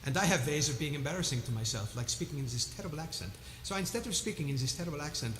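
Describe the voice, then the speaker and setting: A man's voice: on the high side, animated, racing, echoey room, in a large hall, background noise. A man hosting a live music stream, chatting casually between songs in a chatty, self-mocking way.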